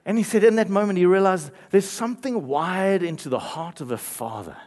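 A man's voice: high-pitched, brisk, darkish tone. A man preaching a sermon, telling a story with playful asides and light laughter. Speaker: pastor.

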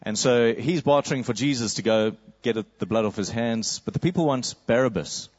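A man's voice: mid-range voice, normal speed, a little mellow, highs cut off. A man preaching a sermon, telling a story vividly and acting out a crowd's cries.

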